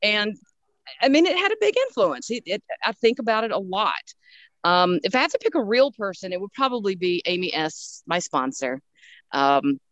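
A middle-aged woman hosting a casual family chat, animated and laughing often. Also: on the low side, no room sound. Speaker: host.

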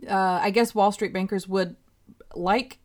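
A woman on a podcast who talks through an episode in a hesitant, hedging way. She stops and restarts often, and her voice sits at a middle pitch. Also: fairly even intonation, measured pace. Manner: hesitant, hedging, many fillers. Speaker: podcast co-host. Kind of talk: casual chat recapping a TV episode.

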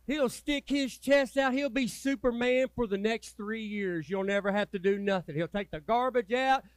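A man preaching a sermon as pastor, folksy and swinging from loud urging to low, quiet asides. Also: moderate pace, smooth, dry recording. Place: church sanctuary.

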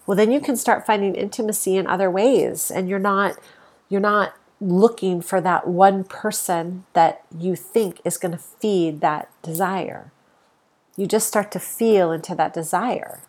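A woman with a stuffy nose talks through a casual spiritual podcast from home, easygoing and enthusiastic, with soft laughs and fillers as a yoga teacher and host. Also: medium pitch, measured pace.

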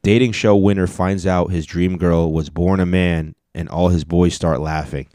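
Low-voiced male podcast host, casual jokey video-reaction commentary, dry close sound. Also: steady tone, normal speed, dark tone, no room sound. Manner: loose, jokey, talks over the clips.

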